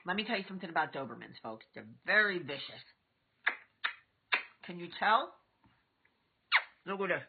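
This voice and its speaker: A woman in her thirties hosting a vlog, telling stories casually to camera and acting out quotes with big lively jumps. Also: fairly low pitch, normal speed, long pauses, very noisy. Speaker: vlog host. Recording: tinny phone-like audio.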